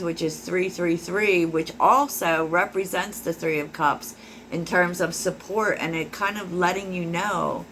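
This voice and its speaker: A woman's voice: fairly low pitch, fairly bright tone, a little hiss or hum. A woman giving a casual tarot reading to her viewers, musing aloud as she talks, with many fillers. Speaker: tarot reader.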